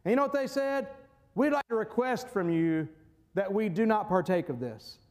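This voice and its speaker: A man preaching a sermon as pastor, animated, pausing on key words and mocking voices when he quotes. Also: high-pitched.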